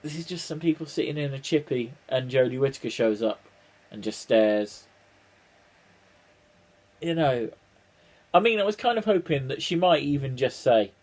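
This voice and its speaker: A man's voice: mid-range voice, animated, normal speed, pauses often, a little mellow. Wry, rambling man vlogging. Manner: rambling, with many ums and restarts, wry and swearing. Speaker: vlogger reacting to a trailer. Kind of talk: casual chat to camera.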